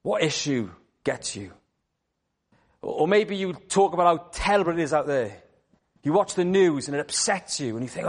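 A man delivers a church sermon, his voice sitting a little high for a man. He tells the story with drama, dropping to a hush and then rising loud. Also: expressive, moderate pace. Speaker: preacher.

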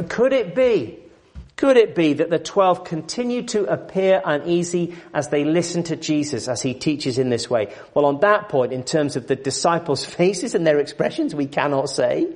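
A man preaching an expository sermon, emphatic and full of rhetorical questions, building up and dropping back in volume. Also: on the high side.

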